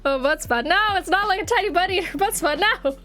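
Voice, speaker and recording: High-pitched woman chatting on her stream, lots of giggles, desk mic, bit of music playing under. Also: fairly quick. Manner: giggly, easily excited, reads chat aloud. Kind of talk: casual chat stream. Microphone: desk microphone.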